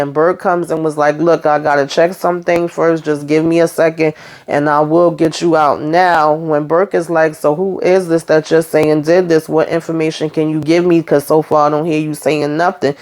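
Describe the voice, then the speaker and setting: Brief: woman vlogger with a deep voice, slangy, relaxed TV recap that acts out the dialogue. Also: moderate pace. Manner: chatty, slangy, retells scenes acting out the lines. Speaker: TV recap host. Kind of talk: casual episode recap.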